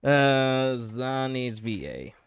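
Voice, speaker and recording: A young man with a Greek accent streaming a game reaction, excitable, laughing and swearing, jumping between loud outbursts and muttering. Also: medium pitch, drawn-out words, clear, resonant tone, dry recording, studio quality. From Greece.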